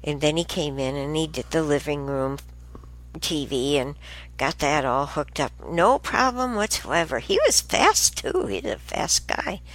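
A woman's voice: deep voice, animated, measured pace, no room sound. A woman hosting a show, telling a rambling everyday story in a chatty, casual way. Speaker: show host. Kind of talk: casual monologue.

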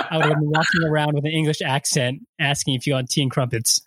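A man's voice: a little high, fairly even intonation, sharp tone, slightly rough, no room sound. A man chatting casually on a podcast, joking and rambling as he talks. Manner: joking, quick to laugh, rambling. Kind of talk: casual chat. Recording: dry close sound.

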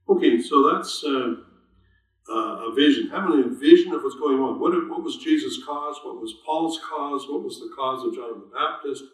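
A man's voice: mid-range voice, moderate pace. A man leading an informal Bible study sermon, talking conversationally, quizzing his listeners and reading scripture aloud with strong stresses. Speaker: Bible teacher. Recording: very echoey room, voice far from mic.

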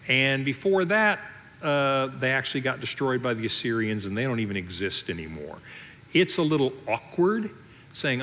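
Conversational pastor preaching in a reverberant hall. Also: male voice, medium pitch, sing-song, normal speed, sharp tone, slight background noise. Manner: conversational preaching, acts out voices in the story. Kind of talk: sermon. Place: church auditorium.

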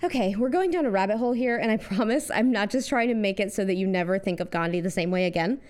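A woman's voice: mid-range voice, fast talker, darkish tone. A young American woman hosting a scripted comedic monologue, with sarcastic, punchy asides. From United States. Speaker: host.

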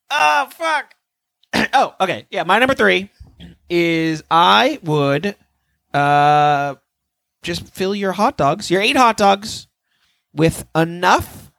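A man co-hosting a casual comedy chat, deadpan, cursing freely and clearing his throat often. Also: a little high, dry recording.

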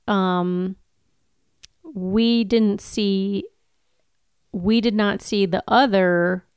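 A woman's voice: mid-range voice, smooth, no room sound, clean studio sound. A woman co-hosting a podcast in casual chat, wry and teasing, questioning how the plot fits together. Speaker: podcast co-host.

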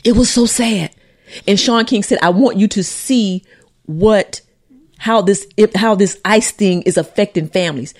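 A woman co-hosting a casual chat show, retelling stories in an animated, dramatic way. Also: medium pitch, measured pace. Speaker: podcast co-host.

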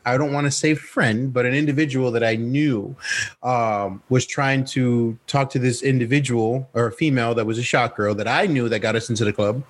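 A man telling a crude story in casual podcast banter, acting out the dialogue as he goes. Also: medium pitch.

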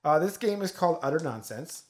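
Woman, podcast host, casual chat, laughing, low lively voice. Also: brisk. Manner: laughing, explaining a game.

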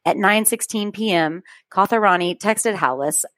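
A woman's voice: mid-range voice, normal speed, a bit bright, no room sound. A woman co-hosting a podcast, reading a true-crime story from her notes with chatty asides and frequent laughs. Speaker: podcast co-host.

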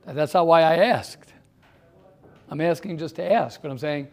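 High-voiced man teaching, full of rhetorical questions. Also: moderate pace, creaky, a little mellow. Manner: rhetorical questions, repeats himself, grows heated. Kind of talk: classroom talk with students.

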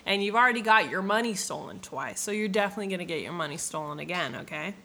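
A woman's voice: medium pitch, fast talker, gravelly, bright, forceful tone. A woman voicing a wise old male alchemist who gives advice in blunt, slangy talk. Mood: lecturing. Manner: blunt, slangy, matter-of-fact.

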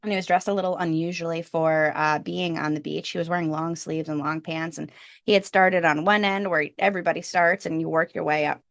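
A woman in her thirties, a podcast guest, telling a casual story with lively jumps in pitch when she quotes people. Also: a little fast, dry recording, clean studio sound.

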